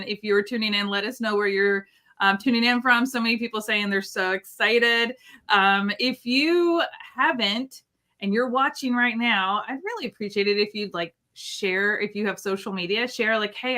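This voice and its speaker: A woman's voice: medium pitch, sharp tone. A woman co-hosting a live crafting stream from her home studio, bubbly and welcoming, often laughing. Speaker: livestream co-host. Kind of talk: excited live-stream chat.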